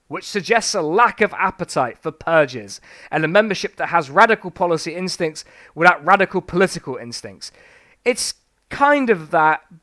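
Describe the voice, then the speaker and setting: A man's voice: sits high, sharp tone. A man reviewing a book live on stream, reading passages aloud and answering them with sweary, sarcastic rants.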